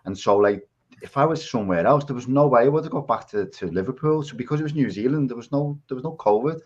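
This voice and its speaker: A man's voice: mid-range voice, lively intonation, fast talker, slightly rough. A man with a Scouse accent, chatting casually as a podcast guest and telling his story over a video call. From England. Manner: rambling storyteller. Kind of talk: casual chat. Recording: dull lo-fi audio.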